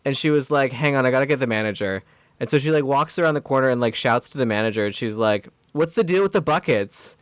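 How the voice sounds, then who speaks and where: A man's voice: mid-range voice, fast, clear, resonant tone, no echo. A man co-hosting a podcast, telling a rambling story in casual chat and acting out the people in it. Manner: rambling storyteller, acts out dialogue. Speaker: podcast co-host.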